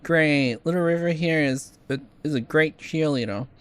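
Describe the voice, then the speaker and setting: A woman's voice: sits low, normal speed, a little hiss or hum, close to an everyday voice. A woman voicing a laid-back surfer bro dad in a dating game, with a drawling surfer bro way of talking. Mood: chill.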